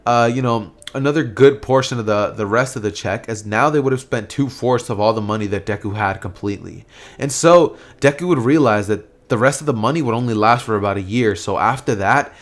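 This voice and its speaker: A man casually narrating a fan story, rambling with lots of fillers and restarts. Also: mid-range voice.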